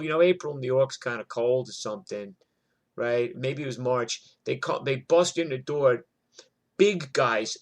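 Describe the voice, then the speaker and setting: A man's voice: mid-range voice, a bit bright. A middle-aged man telling a story from his past in a rambling, profane way, full of fillers and asides. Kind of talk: casual spoken storytelling.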